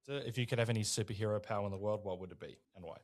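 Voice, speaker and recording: A man hosts a podcast, asking his questions and cheering on his guest's answers. His voice sits a little low, and he keeps the talk relaxed and friendly. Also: rapid-fire. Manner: relaxed, encouraging. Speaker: podcast host. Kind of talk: casual interview questions.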